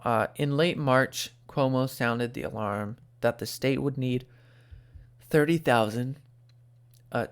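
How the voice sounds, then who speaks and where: A man hosting an opinionated commentary show, animated and sarcastic, talking close to the microphone. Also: medium pitch. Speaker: host.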